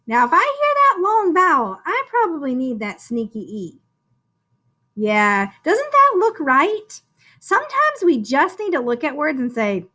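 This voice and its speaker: Spelling words aloud for young kids, a woman teaching first-grade phonics draws out each sound slowly. She speaks in a bright, rather high voice with an encouraging sing-song lilt that rises and falls.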